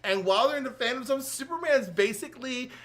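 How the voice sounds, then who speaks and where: An American man co-hosting a show, animatedly recapping comics in casual chat and acting out character lines. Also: fast. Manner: animated storyteller, acts out character lines with big pitch jumps. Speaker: co-host.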